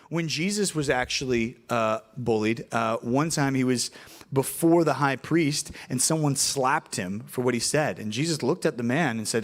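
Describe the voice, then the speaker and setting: A young man, preaching to middle schoolers in an animated storytelling way. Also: medium pitch, normal speed. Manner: animated storytelling, acts out voices in anecdotes. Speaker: youth pastor.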